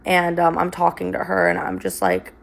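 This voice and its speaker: A woman's voice: fairly low pitch, very animated, moderate pace, creaky. A young woman casually recounting a personal story, rambling with lots of "like" and "um". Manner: rambling, filler-heavy retelling with many "like" and "um".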